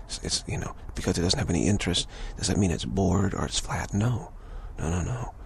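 A man giving a slow, contemplative spiritual talk, halting and repeating words, his voice rough with early morning. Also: deep voice, expressive, slight background noise. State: early morning voice, clearing throat. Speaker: spiritual teacher.

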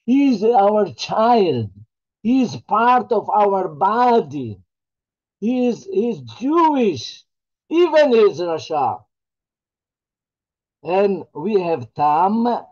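Man, rabbi teaching a class, slightly high voice, very slow and halting delivery, lo-fi recording. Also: very animated, darkish tone. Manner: halting, repeats words, earnest and heartfelt. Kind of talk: holiday Torah class.

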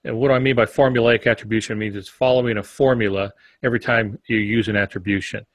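An older man with a lowish voice talks through writing advice in a measured, explanatory podcast manner. The sound is close and dry, with no room around it. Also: fairly even intonation, dry recording. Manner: measured, explanatory, plain-spoken. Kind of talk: instructive podcast discussion.

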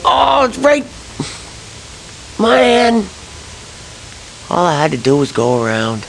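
A man talks through a video game in casual, profanity-laden commentary. His voice is gravelly and sits a little high. He grumbles and vents frustration as he plays. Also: wildly swooping pitch, slow, soft background music, poor audio. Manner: frustrated, swears a lot. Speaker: let's-play gamer.

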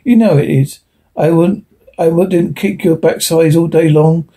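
A man's voice: on the high side, steady tone, a little slow, mellow, husky. A man reading the part of a blunt, hard-driving male planter on a frontier world, speaking in a stern, commanding way. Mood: scornful.

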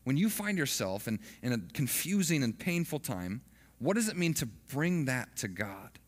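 A man's voice: mid-range voice, very animated, normal speed, big-room sound. A man giving an earnest, conversational sermon as a pastor, often restarting his phrases.

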